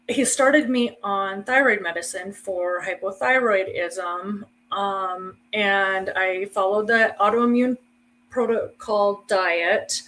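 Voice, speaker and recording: A woman's voice: mid-range voice, fairly bright tone, a little hiss or hum. Candid woman telling her own story. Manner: candid, conversational, with wry asides. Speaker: speaker sharing her cancer story. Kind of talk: personal testimony talk.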